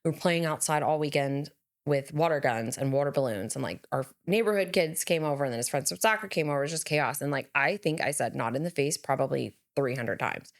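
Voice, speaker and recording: A woman's voice: sits low, fairly quick. A woman in her thirties co-hosting a podcast, talking casually and filling her sentences with "like.". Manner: chatty, lots of "like" fillers. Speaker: podcast co-host. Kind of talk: casual chat.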